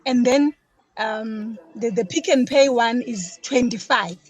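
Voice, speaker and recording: Husky high-voiced South African woman. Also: slow pace, no room sound, rough recording. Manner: repeats words while explaining, chatty. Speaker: business guest, detergent maker. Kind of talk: casual podcast interview.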